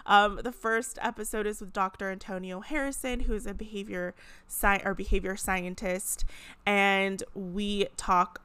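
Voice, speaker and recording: Young woman, podcast host, smooth clear voice, dry close sound, earnest and heartfelt. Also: medium pitch, steady tone, unhurried, bright, forceful tone, no echo. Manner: earnest, emotional, tearful at moments, frequent "like" fillers. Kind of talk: heartfelt solo podcast talk.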